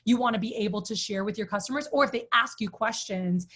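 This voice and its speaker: A woman's voice: medium pitch, fast talker, fairly bright tone, husky. Woman sales trainer, chatty storyteller, casual group talk. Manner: chatty storyteller, many "like" fillers; asks the group questions.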